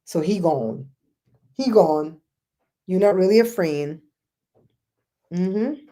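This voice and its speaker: A woman's voice: on the low side, takes it slowly, warm tone. A middle-aged woman hosting a casual talk show, ranting bluntly and telling stories with mocking quoted voices. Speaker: host.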